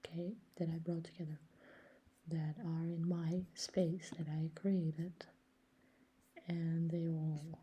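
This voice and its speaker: Deep-voiced woman whispering blunt asides. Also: level tone, slow pace, mellow, a little hiss or hum, low-quality recording. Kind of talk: group discussion.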